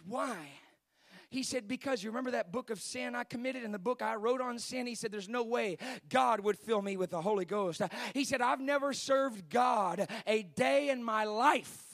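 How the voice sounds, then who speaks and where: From the pulpit, a preacher with a high-pitched voice animates a sermon story at a moderate pace, going low and quiet as he retells it and building up to shouted climaxes. The recording is close, dry, and echo-free.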